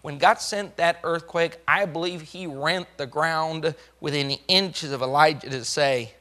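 High, bright-voiced preacher acting out scripture. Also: male voice, measured pace, few pauses. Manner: dramatic, swings from hushed to loud, acts out God's lines. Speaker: pastor. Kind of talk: sermon.

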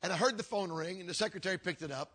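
An older man, a pastor, telling a story in a sermon with earnest, repeating phrases that sink low and quiet. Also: racing, husky. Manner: earnest, repetitive preaching cadence that drops low and quiet.

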